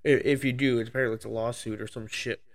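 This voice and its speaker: A man's voice: medium pitch, steady tone, quick pace. Profane ranting man. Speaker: podcast host. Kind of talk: solo profane rant podcast. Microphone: podcast microphone.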